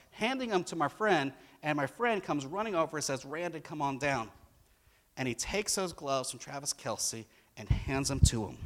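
A middle-aged man preaching a sermon, telling stories and acting out the lines of the people in them with rising emphasis. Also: a little high. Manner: animated storytelling, acts out quotes with rising emphasis. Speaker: pastor.

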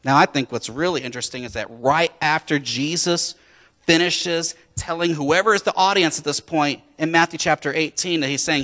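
A man's voice: on the high side, lively intonation, fairly quick, sharp tone. A man preaching a sermon, retelling a story in a casual, conversational way. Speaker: pastor.

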